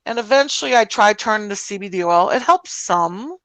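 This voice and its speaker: A woman's voice: medium pitch, expressive, brisk, a bit bright, no room sound, rough recording. A woman co-hosting a live stream, reading chat comments and talking about her own experiences in a matter-of-fact way. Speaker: stream co-host. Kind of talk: casual chat.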